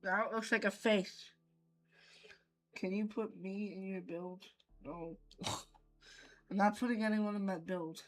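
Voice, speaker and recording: A woman's voice: medium pitch, fairly even intonation, a little slow, long pauses, faint music behind. A woman giving goofy, rambling commentary while building in a block game, joking to herself. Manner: rambling, goofy, jokes to self. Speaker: Minecraft builder. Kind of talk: casual gameplay commentary.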